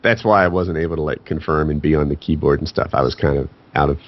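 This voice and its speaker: A man's voice: very deep voice, steady tone, fast. A man chatting as a guest on a podcast, candid and joking, laughing often. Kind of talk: casual podcast chat. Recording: dull lo-fi voice call audio.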